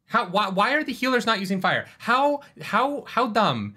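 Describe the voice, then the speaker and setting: A man co-hosting a casual livestream book chat, animated and swearing freely. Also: high voice, normal speed. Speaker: podcast co-host.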